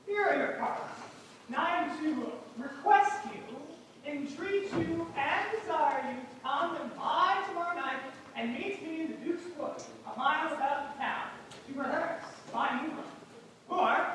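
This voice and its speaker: A woman's voice: high voice, lively intonation, moderate pace, a bit bright, slight background noise. A woman playing an earnest carpenter who directs a group of amateur players on stage. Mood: organizing. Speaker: stage actor. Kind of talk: stage play performance. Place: theater stage. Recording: echoey stage from far off.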